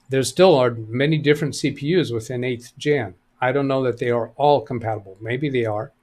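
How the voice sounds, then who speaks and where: A man's voice: medium pitch, darkish tone. Casual male live stream host. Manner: thinks aloud, reads chat messages and answers them. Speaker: live stream host answering computer questions. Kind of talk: casual live stream chat, reading viewer comments.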